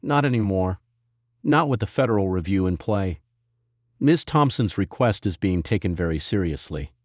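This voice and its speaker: A man voicing a cold, stern federal agent who speaks in a measured, authoritative way. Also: low-pitched, expressive, no room sound, clean studio sound.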